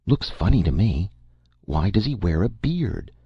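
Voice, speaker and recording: A man voicing a nosy, suspicious older woman shopper with a shrill, prying manner, in a dull lo-fi recording. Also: big pitch swings, a little slow, breathy edge, no room sound, heavily acted.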